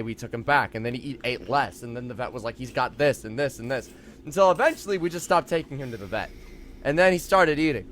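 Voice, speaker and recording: A man's voice: mid-range voice, a bit bright, slight background noise. A man from Canada co-hosting a podcast, joking and rambling with many restarts in casual chat. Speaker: podcast co-host.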